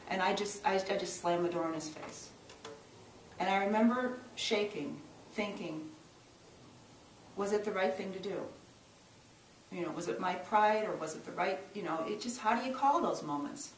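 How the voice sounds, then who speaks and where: A woman's voice: medium pitch, normal speed, pauses often, slight background noise. A middle-aged woman working in church social service, telling a personal story in an earnest, reflective way, with frequent restarts and emphatic rises. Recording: roomy sound from a distance, faint ambience.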